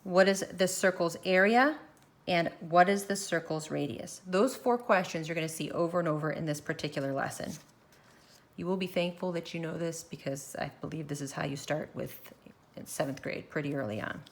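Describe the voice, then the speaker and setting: Woman, math teacher, recorded lesson, slightly low pitch, step-by-step explaining, phone-filmed worksheet. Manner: walks through steps slowly, thinking aloud. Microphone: phone camera filming her worksheet.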